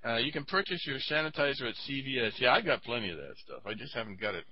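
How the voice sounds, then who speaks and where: A man talking in a casual chat, rambling and halting with many fillers. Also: mid-range voice, expressive, highs cut off, slight background noise.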